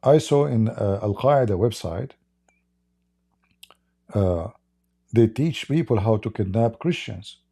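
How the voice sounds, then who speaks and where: A man's voice: lowish voice, animated, slow pace, gravelly, long pauses, dark tone, breathy edge. A man hosting a livestream, telling a story in a rambling way and acting out the quoted dialogue. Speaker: livestream host. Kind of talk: casual storytelling monologue.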